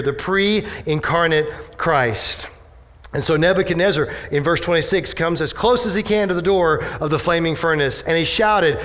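A male pastor preaches with animated energy, tossing rhetorical questions to his congregation. His voice sits a little high for a man, and a long reverb trails each phrase through the sanctuary. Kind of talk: sermon. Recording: echoey hall with long reverb.

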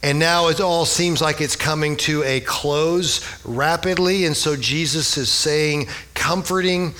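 A man's voice: a little high, unhurried, sharp tone. A man preaching a conversational sermon, retelling scripture with humorous asides and rhetorical questions. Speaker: pastor.

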